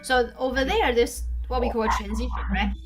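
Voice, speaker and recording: A woman teaching a one-on-one piano lesson, explaining gently, checking in with "right?" again and again, and singing phrases on "da.". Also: fairly high pitch, brisk. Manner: sings phrases aloud on "da". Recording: loud piano music behind voice. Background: piano playing.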